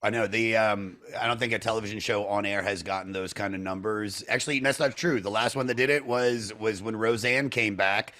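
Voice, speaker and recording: Bright-voiced, profane podcast host. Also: male voice, on the low side, fairly even intonation, a little fast, hardly any pauses. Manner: enthusiastic, profane, chatty. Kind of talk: casual interview chat.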